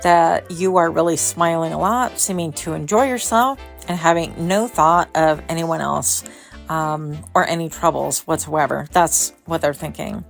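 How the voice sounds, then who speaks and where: A woman giving a casual pick-a-card tarot reading, talking in a chatty, animated way with playful asides. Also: sits low, a little slow, creaky, soft background music. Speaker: tarot reader. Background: small dog noises.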